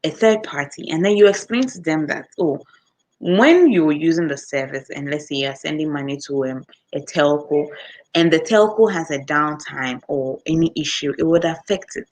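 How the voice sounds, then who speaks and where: A woman with a Ghanaian English accent, chatting casually with her viewers. She tells her stories with a lot of life and slips into the voices of the people in them. Her voice sits a little low. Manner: animated storytelling, acts out customers with quick voice switches and laughter. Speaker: customer service worker, vlogger. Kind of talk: casual chat answering viewer comments.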